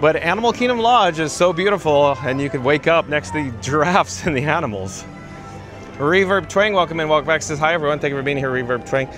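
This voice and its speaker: A man with a fairly high voice hosts a live stream while he walks outdoors, chatting easily and reading viewer comments aloud before answering them. Faint music plays behind him. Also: expressive, brisk. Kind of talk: live-streamed walking tour with chat reading. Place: outdoors walking through a theme park.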